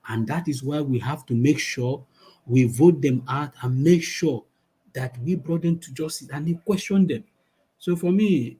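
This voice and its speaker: Husky, mellow-voiced man making a point. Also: mid-range voice. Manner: emphatic and repetitive, slow deliberate phrasing. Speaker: caller on a live online talk broadcast. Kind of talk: political call-in speech.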